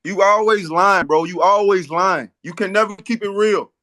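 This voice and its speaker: Bright high-pitched yelling man. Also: moderate pace. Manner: loud, yelling, confrontational. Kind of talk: heated live audio chat argument.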